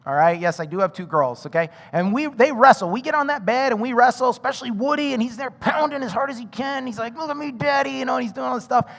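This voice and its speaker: A male pastor from North Carolina in his thirties, preaching a sermon through an animated personal story with frequent asides to the congregation. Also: very high-pitched, quick pace, gravelly, few pauses. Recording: reverberant hall.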